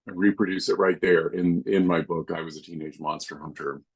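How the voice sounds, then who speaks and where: A man's voice: deep voice, fairly even intonation, a little fast, creaky, breathy edge. A middle-aged man, a guest filmmaker on a podcast, reminiscing in an earnest, heartfelt way. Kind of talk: podcast interview.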